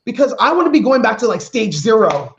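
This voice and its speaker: A woman from Canada doing a stand-up comedy set, brash and animated, acting out her own reactions. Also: a little high, fairly quick, creaky, highs cut off, noisy background.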